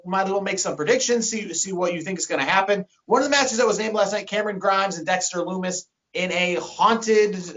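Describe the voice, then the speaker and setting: A man's voice: sits high, a bit bright. A man co-hosting a wrestling podcast, chatting casually, steering the topics and asking his co-host questions. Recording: lo-fi sound.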